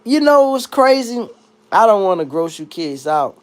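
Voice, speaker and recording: Here a male streamer reads viewer comments and goes off on a comedic, offhand tirade, alternating booming high-pitched bursts with low grumbles. His delivery has a sing-song lilt at a normal speed.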